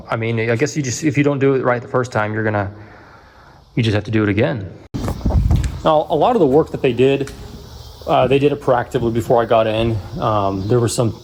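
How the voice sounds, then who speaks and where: A man casually walking through his house under construction, explaining framing problems in a rambling, animated way with many restarts. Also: medium pitch, slight background noise. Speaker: home builder filming his build. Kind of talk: walkthrough vlog.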